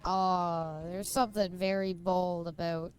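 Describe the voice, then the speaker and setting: A woman's voice: fairly low pitch, steady tone, slow pace, clear, resonant tone, soft background music. A young woman streamer chatting casually while playing, giggling often and swearing freely.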